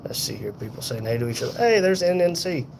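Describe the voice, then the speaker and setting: A man in pain and tired, hosting a casual livestream from a hospital room on a phone, reading viewer comments aloud in an unhurried, folksy way. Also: mid-range voice, animated, creaky, a little mellow, a little hiss or hum. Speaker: livestream host reading chat. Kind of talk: casual live chat.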